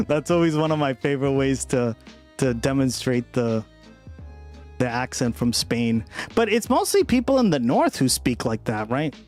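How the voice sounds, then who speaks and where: A man's voice: medium pitch, big pitch swings, measured pace, darkish tone, soft background music. Profane, rambling young man streamer. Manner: casual, profane, rambling with frequent "right?". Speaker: political livestream host. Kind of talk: casual livestream chat with viewers.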